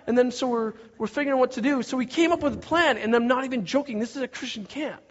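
A man preaching, telling a story in an animated way and shouting out parts of it. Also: very high-pitched, quick pace, hardly any pauses. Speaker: pastor. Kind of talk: sermon storytelling. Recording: dull lo-fi recording.

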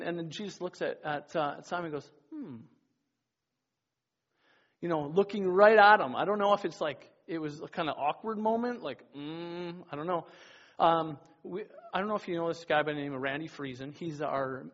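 A man's voice: on the high side, fairly bright tone, muffled recording. A man giving a casual, conversational sermon as a youth pastor, rambling with restarts and acting out quotes.

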